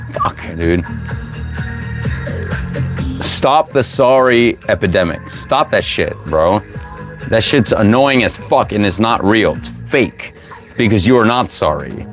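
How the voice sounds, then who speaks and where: Brief: man, low voice, live tarot reader, swears a lot, preachy, fired up, faint music under. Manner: profane, fired-up, preachy, with sudden loud outbursts. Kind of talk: live tarot reading to viewers.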